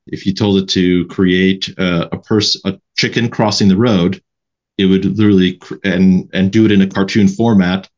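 Male host, very low voice, brisk explainer, slightly muffled recording. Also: a little mellow. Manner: brisk, explains things for listeners. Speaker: podcast host. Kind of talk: casual interview chat.

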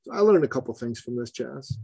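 A man in a podcast interview, telling a story with chummy energy and animated pitch leaps. His voice sits mid-range and is recorded dry and close, with no room sound. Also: quick pace, creaky, breathy edge, no room sound, low-quality recording. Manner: animated, swings pitch widely for emphasis; chummy, calls the host buddy and brother. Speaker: entrepreneur guest.

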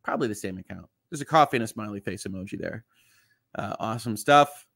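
A man's voice: fairly low pitch, fast, gravelly, fairly bright tone, dry recording, studio quality. Chatty man hosting a live stream. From Southeast Michigan. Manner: chatty, reads comments aloud, frequent fillers. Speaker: lawyer and live stream host. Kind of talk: casual live stream chat, reading viewer comments.

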